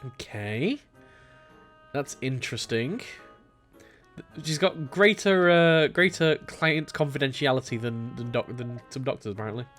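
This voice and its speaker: A man's voice: medium pitch, lively intonation, a little slow, fairly bright tone, soft background music. A man giving casual game commentary with wry, joking asides. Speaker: let's play commentator.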